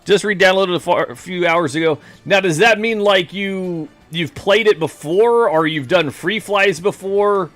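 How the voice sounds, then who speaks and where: With hardly any pauses, a man talks at a measured pace in a high, fairly bright voice while streaming a game. Over soft background music, his casual chat with viewers is rambling, jokey and self-deprecating.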